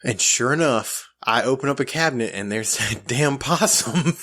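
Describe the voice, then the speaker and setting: A man's voice: medium pitch, moderate pace, a bit bright. A man co-hosting a podcast, telling a self-mocking story in casual chat with lots of fillers. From grew up in the country. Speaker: podcast co-host.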